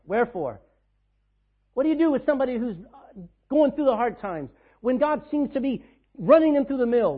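A man delivers a sermon as pastor, his voice pitched high and driven with emphasis. He fires questions at the congregation and calls for answers. The recording is thin and phone-like. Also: breathy edge. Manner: emphatic preaching with call-and-response questions.

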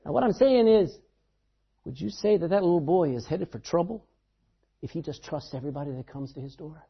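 A man preaching a sermon, telling stories with emphasis and swinging between loud outbursts and hushed asides, in a dull lo-fi recording. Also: a little high, brisk, creaky, breathy edge.

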